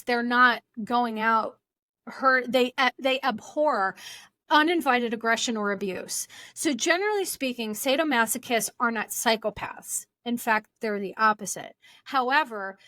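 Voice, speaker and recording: A woman's voice: a little high, a little slow, bright, forceful tone, no room sound. A woman hosting her own podcast as a therapist, explaining things in a casual, chatty way with fillers. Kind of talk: solo podcast talk.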